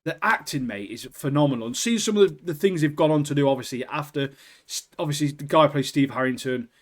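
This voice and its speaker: Excitable British lad, says mate a lot. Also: male voice, on the high side, fast talker. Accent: British English. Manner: excitable, says "mate" constantly, swears casually. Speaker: podcast co-host. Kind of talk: casual chat.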